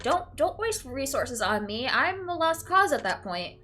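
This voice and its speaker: Young woman gamer reading questions out loud, high and bright voice, gets teary, bit of music under her. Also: moderate pace, hardly any pauses. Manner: emotional, swings from flat to teary and laughing; uses "like" and "literally" often. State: tearful at times. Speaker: let's play streamer. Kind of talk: reading game text aloud and reacting.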